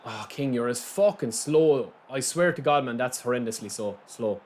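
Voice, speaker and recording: Lively Irish man streaming a football game. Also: mid-range voice, normal speed. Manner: animated, chatty, reacting to play and viewers. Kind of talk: live gameplay commentary.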